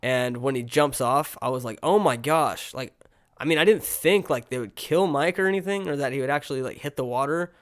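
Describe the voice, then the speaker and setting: A man in the middle of his range chats through a movie review, animated and eager. He piles on "like" and "you know what I mean" as he retells scenes, and his tone rises and falls with the story. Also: mid-range voice, fairly quick. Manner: animated retelling, heavy use of "like". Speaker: podcast co-host. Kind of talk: casual movie review chat.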